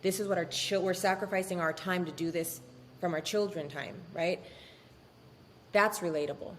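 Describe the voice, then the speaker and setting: A woman speaking as a guest in a casual interview, animated and candid, swearing freely. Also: on the low side, moderate pace, in a large hall, slight background noise. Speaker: law firm owner, podcast guest.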